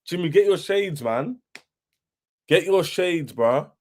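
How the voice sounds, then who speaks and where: A man's voice: fairly high pitch, animated, slow, darkish tone. Boastful young man ranting. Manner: boastful, repetitive, taunting. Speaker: football fan livestream host. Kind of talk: livestream rant.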